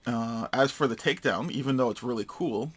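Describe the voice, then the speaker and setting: A man's voice: medium pitch, brisk, background noise. Man giving a terse hands-on demo. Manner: matter-of-fact, terse step-by-step narration. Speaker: gun reviewer. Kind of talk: casual hands-on product demo.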